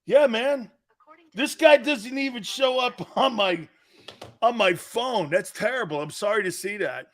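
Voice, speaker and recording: Animated man ranting on sports talk. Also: sits high, a little slow. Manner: loud, animated, bantering rants. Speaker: sports talk show host.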